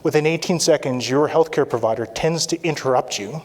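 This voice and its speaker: A man's voice: fairly high pitch, brisk, darkish tone. A man who works as an anesthesiologist, presenting an interactive talk at a conference and checking in with the audience again and again. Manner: interactive, repeats "all right?" often.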